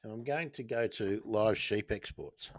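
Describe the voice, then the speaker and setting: A man's voice: on the low side, a little slow, no echo. A man with an Australian accent hosting a casual livestream, talking bluntly, swearing and reading viewer comments aloud. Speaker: livestream host.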